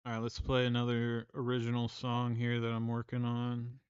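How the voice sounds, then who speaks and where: A man's voice: medium pitch, monotone, moderate pace, darkish tone, smooth, no echo, muffled recording. A man from Maryland hosting a casual livestream, rambling, self-deprecating and restarting his sentences. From Maryland, USA. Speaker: livestream host and songwriter.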